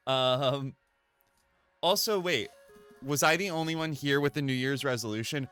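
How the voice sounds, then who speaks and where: A man with a clear, resonant, mid-range voice chats unhurriedly on a live stream from his home desk, speaking into a desk mic run through a mixer. He's animated and rambling, swearing and poking fun at himself. There's no echo, just soft music behind him.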